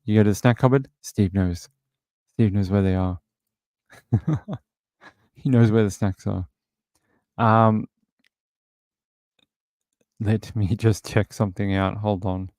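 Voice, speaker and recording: A man's voice: fairly low pitch, fairly even intonation, takes it slowly, long pauses, darkish tone, dry recording, studio quality. A man hosting a livestream, casually chatting and rambling with many filler words as he reads out viewer comments. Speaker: livestream host.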